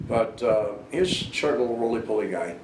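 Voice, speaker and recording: A man's voice: mid-range voice, lively intonation, a little fast. An older man telling a rambling personal story in a casual monologue, full of fillers and restarts. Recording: roomy and noisy, far from the mic.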